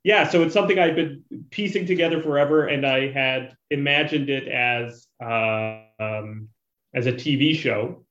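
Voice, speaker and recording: A man's voice: medium pitch, normal speed, a bit bright. Male writer guest from rural Canada, rambling delivery, echoey, muffled audio. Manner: rambling, lots of likes and ums. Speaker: comic book writer, guest. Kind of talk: casual podcast interview.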